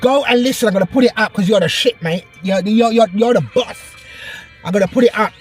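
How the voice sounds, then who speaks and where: A woman preaching into her phone camera, emphatic and excitable. She hammers her points home through repetition, in a voice of middling pitch. Soft music plays faintly behind her. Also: a little fast. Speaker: online preacher. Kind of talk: impassioned prophetic encouragement vlog. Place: out and about, in a shop and a car.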